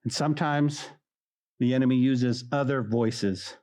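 A man's voice: medium pitch, a little slow. A man preaching a sermon as a pastor, telling stories and acting out mocking voices. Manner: animated, acts out mocking voices.

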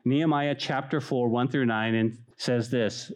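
A man preaching an evening Bible study as pastor, conversational and animated, often calling listeners "guys". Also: measured pace, few pauses. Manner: animated, acts out mocking voices with high pitch. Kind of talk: sermon.

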